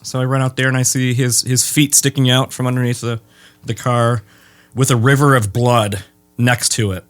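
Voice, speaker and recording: This guest, a bass guitar maker from the Midwest, keeps a steady tone through a relaxed interview. His humor is dry, and he pauses often.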